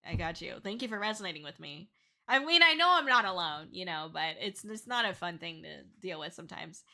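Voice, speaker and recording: A woman's voice: on the low side, animated, fairly quick, creaky, sharp tone. A young woman from Canada streaming live, chatting casually with chat and thanking viewers. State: tearful and shrieking with excitement. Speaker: VTuber streamer. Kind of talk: casual livestream chat reading chat.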